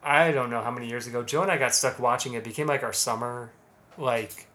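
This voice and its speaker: A man's voice: medium pitch, quick pace, bright, forceful tone. Joking man in casual podcast chat. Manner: laughs often, tells jokes with put-on voices. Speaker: podcast co-host.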